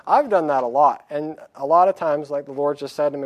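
Plain-spoken preacher, a man, slightly high. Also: fairly quick, hardly any pauses, dry recording. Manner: plain-spoken, acts out pleading voices of the people; reads scripture aloud in a raised voice. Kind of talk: sermon.

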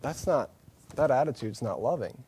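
A man's voice: medium pitch, lively intonation, moderate pace, a little mellow, breathy edge. A man preaching a sermon, earnest and candid, driving points home with repeated phrases and slipping in self-deprecating asides. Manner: earnest and candid, with emphatic repetition.

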